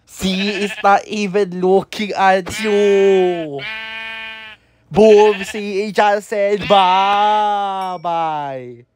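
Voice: mid-range voice, steady tone, drawn-out words, hardly any pauses. A narrator of a comedy video giving repetitive scolding commentary over gameplay, repeating the same warnings over and over.

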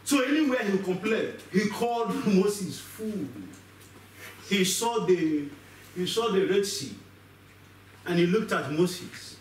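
Animated man preaching in an echoey hall. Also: high voice, slow, a little hiss or hum. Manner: animated, acts out voices, asks the congregation questions. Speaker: pastor. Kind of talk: sermon. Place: church hall. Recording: echoey church hall, mic far off.

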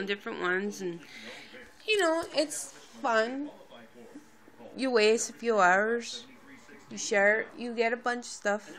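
Gravelly-voiced woman vlogging slowly. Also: mid-range voice. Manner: rambling, with many fillers and restarts; monotone, by her own account. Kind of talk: casual home vlog talk.

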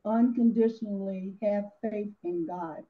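A woman's voice: medium pitch, fairly even intonation, unhurried, a little hiss or hum. Woman on a tinny phone-like line. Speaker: Bible study participant. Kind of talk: group discussion.

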